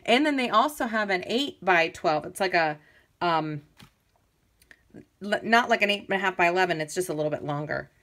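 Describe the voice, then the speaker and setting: Woman, lower register, casual enthusiastic crafting show-and-tell, loose and chatty. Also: animated, normal speed, fairly bright tone. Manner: chatty and enthusiastic, with fillers and restarts. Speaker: crafter demonstrating a scrapbook album.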